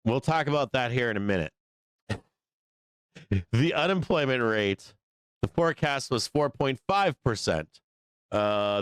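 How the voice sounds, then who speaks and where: A male host of a live stock market show talks casually, laughing a lot, cursing without restraint and ranting out of frustration. The medium-pitched voice has a clean tone and a dry recording.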